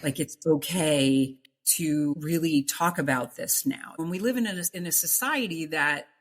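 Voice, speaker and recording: A middle-aged woman with a deep, low voice speaks as a guest in an interview. She tells her personal story of faith earnestly, pressing her points and repeating words for emphasis. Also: unhurried. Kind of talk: emotional personal testimony.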